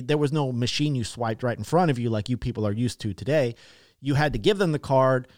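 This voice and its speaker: A man hosting a podcast, telling a personal story in a casual, profane, animated way and acting out the people he quotes. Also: medium pitch, no echo, clean studio sound. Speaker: podcast host.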